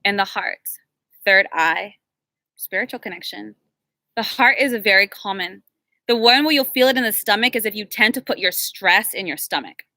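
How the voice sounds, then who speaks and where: Woman healer leading a live workshop; bright, sharp voice, dry sound, encouraging, measured when guiding. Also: medium pitch, no echo. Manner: chatty and encouraging, slowing to a measured invocation when leading the prayer. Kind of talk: live workshop teaching and guided meditation.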